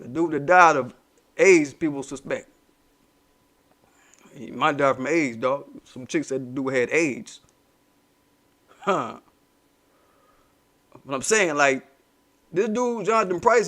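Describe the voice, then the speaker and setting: A man with a fairly high voice and delivers a heated commentary monologue. He leans on street slang and profanity, repeating himself for emphasis as he rants to his audience. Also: a bit bright. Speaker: commentary channel host.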